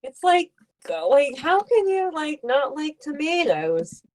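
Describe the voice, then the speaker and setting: A woman co-hosting a podcast, chatting slowly with plenty of fillers. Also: high voice, sing-song, a little mellow. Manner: slow, chatty, many fillers. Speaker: podcast co-host. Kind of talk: casual chat.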